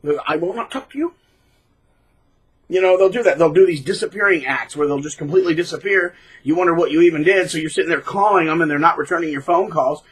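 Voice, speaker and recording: A man hosting his own channel, talking bluntly and casually, mocking people by acting out quotes in shrill put-on voices. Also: quick pace, a bit bright, breathy edge, poor audio. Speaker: channel host. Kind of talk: casual monologue.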